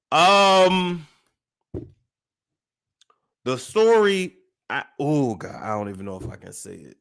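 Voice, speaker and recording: A man hosting a celebrity gossip show, telling a story with dramatic pauses, restarts. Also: on the high side, fairly bright tone. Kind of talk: casual gossip commentary.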